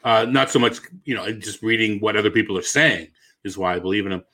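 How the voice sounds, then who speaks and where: A man's voice: on the low side, fast talker, bright, forceful tone. A man with a Boston accent co-hosting a sports podcast, thinking aloud in casual chat, correcting himself and laughing easily. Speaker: fantasy baseball analyst, co-host.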